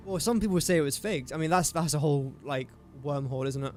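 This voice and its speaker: A man's voice: a little high, fast talker, darkish tone, faint music behind. A man talking to himself in casual gameplay commentary, rambling and easily sidetracked. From England. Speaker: gaming streamer.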